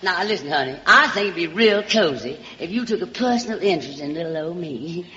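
A woman's voice: lowish voice, animated, a little fast. Theatrical Southern woman on old radio. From Alabama, US South. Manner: theatrical, drawling, calls everyone darling. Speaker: radio show host. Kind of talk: comic monologue on a radio variety show. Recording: muffled old radio broadcast with hall reverb and faint hiss.

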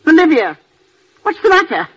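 An actress playing a domineering, sarcastic old aunt who is an invalid, in a vintage radio drama. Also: female voice, medium pitch, sing-song, moderate pace, slightly rough. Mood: scolding. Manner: sharp, scolding, sarcastic. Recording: muffled old radio recording.

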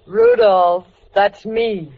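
Brief: touchy friend's wife, very lively pitch; loud vintage hiss. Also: female voice, very slow, heavily acted. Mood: prim. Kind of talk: 1940s radio comedy acting. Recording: loud-hissing dull old radio broadcast.

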